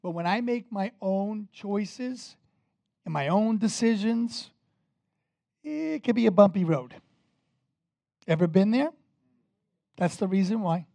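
A man preaching with emphasis, his voice swelling loud on key points and dropping low between them. He speaks straight to his listeners, asking them questions. The sound is dry and close, with no room echo. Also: expressive, takes it slowly, vocal fry, pauses often. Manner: emphatic, rises and falls in loudness, talks straight to the congregation. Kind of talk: sermon.

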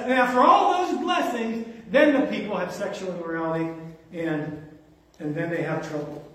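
A man delivers a sermon in a strikingly high voice, pressing his points with rhetorical questions. The sound is awash in heavy reverb and captured from a distance, as if from the back of a large hall. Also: moderate pace, a bit bright. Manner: emphatic, with rhetorical questions to the congregation. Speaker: preacher. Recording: very echoey, from far off the mic.

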